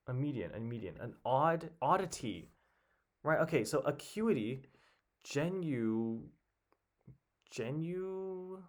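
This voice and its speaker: A man with a creaky, medium-pitched voice mutters his way through a crossword. As a puzzle solver, he thinks aloud and mutters guesses in casual solo commentary.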